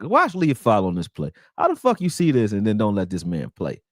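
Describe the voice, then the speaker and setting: A young sports channel host rattles through football game film at a fast clip with hardly any pauses, his voice medium in pitch. He's animated, profane, and exasperated, calling his viewers y'all in this casual breakdown. Studio quality, no echo, using a close desktop mic while sharing his screen.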